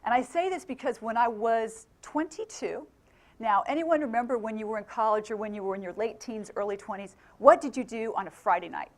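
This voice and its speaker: A middle-aged woman gives a motivational talk, with a fairly high voice. She keeps the room involved, throwing questions at the audience and laughing easily. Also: fairly quick. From England. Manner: engaging, asks the audience questions, laughs often. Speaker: motivational speaker.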